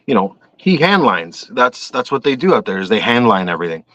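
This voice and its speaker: A Canadian man appears as a guest on a show, chatting casually in a lowish voice at a slightly fast pace. He's an animated storyteller who acts out the voices in his tales, heard over dull, dry call audio.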